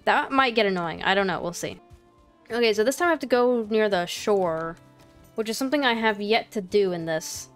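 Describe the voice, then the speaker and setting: A woman chats her way through a game, narrating what she does and talking straight to the creatures she meets. Her voice sits at a middle pitch, playful and rambling, with light apologies and jokes. Faint music plays underneath. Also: expressive, normal speed. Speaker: gaming channel host. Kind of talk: casual gameplay commentary.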